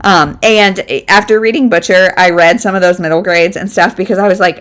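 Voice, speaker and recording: Woman in her 30s rambling about books, lots of ums and likes, mid pitch. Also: fairly even intonation, moderate pace, hardly any pauses, a bit bright. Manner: chatty, rambling with many fillers. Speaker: book vlogger. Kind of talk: casual chat.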